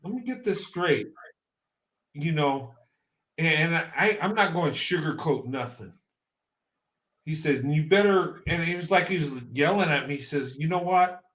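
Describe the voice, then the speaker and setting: A man, a guest, telling a story in a casual, animated way and laughing often. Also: a little high, measured pace, pauses often, echoey room.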